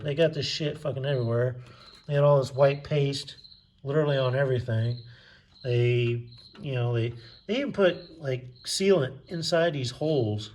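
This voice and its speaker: A man's voice: medium pitch, dark tone. Casual, cussing man in his garage. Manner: casual, profane, sarcastic. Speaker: DIY mechanic vlogger. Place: home garage.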